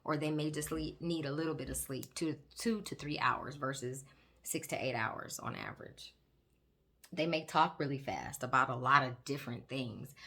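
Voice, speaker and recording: A woman nurse practitioner, hosting a chatty, animated educational talk while doing her makeup and speaking straight to viewers. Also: sits low, slight background noise. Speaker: host, psychiatric nurse practitioner. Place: home, doing makeup on camera.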